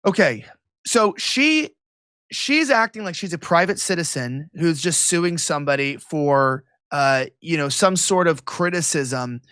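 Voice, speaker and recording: A male political commentator talking as an interview guest, quick and sarcastic, with a mocking edge. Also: a little high, lively intonation, bright, forceful tone, clear, resonant tone, no echo, clean studio sound. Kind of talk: animated interview talk.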